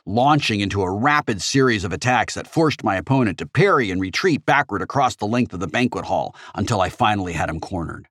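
A man narrating a first-person audiobook in steady storytelling. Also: lowish voice, a little fast, few pauses, no echo, clean studio sound.

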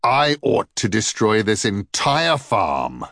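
A man voicing a stern, wrathful male thunder god in a storybook reading, speaking slowly and commandingly. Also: very animated, a bit bright, no echo, studio quality, exaggerated voice. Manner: booming and slow, commanding.

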